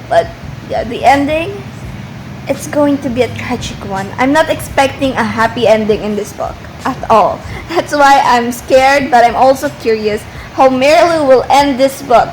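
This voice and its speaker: A woman talks through a casual reading vlog in a high, light voice. She speaks slowly and softly, rambling and hesitating as she sorts out her thoughts. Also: slight background noise, rough recording. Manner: hesitant, rambling, soft-spoken. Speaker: book vlogger.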